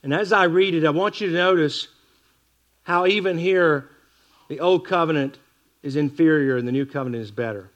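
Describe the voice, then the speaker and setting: Male preacher, slightly higher voice; weighty scripture reading, dry asides. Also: dull audio. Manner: reads scripture slowly and with weight, wry asides. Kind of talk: expository sermon.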